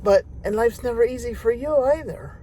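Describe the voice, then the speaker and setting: A woman's voice: a little high, moderate pace, warm tone, a little hiss or hum. An older woman telling a personal story in a folksy, chatty way, speaking directly to her viewers from inside a car.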